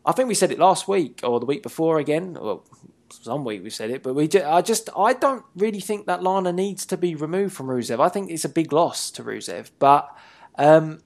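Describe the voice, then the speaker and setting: A man's voice: a little high, lively intonation, moderate pace, gravelly. A man hosts a wrestling talk show in easygoing chat. His voice swings widely up and down as he teases his co-host, laughs often, and lets sentences trail off before he picks them up again. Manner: playful and teasing, laughs often, wanders mid-sentence. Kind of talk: casual chat.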